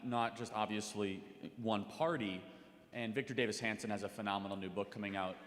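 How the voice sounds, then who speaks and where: A man speaking on a panel at a live event, talking urgently and rising to forceful emphasis. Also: lowish voice, fairly even intonation, brisk. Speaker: talk radio host on a panel. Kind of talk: impassioned panel speech. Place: large hall with audience. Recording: echoey hall reverb.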